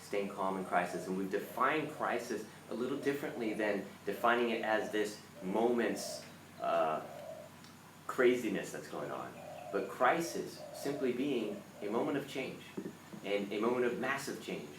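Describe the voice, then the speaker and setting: A man's voice: on the low side, normal speed. Man giving an earnest motivational live talk. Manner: earnest, animated, acts out panicked voices. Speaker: live stream host. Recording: roomy, from a distance, faint background noise.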